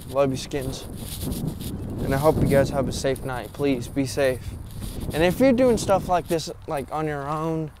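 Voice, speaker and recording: A man's voice: a little high, darkish tone, a little hiss or hum. A young man vlogging alone from a cemetery at night, nervous and rambling, swearing often and short of breath. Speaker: paranormal vlogger. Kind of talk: casual vlog talk to camera.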